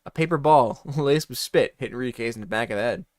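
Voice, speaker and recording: A man's voice: medium pitch, brisk, dry recording, clean studio sound. A man reading a comedy story aloud in a mock-dramatic voice, breaking off for swearing asides.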